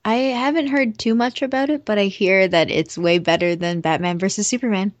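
A woman's voice: mid-range voice, fairly quick, no room sound, highs cut off. A woman co-hosting a podcast in casual, playful, teasing banter. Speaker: podcast co-host.

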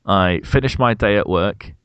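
A man's voice: moderate pace, smooth, no echo, dull audio. A British man in his thirties, telling a funny story in casual chat and acting out the quotes. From Britain. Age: 30s. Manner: animated storyteller, acts out quotes with big pitch jumps. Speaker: podcast co-host.

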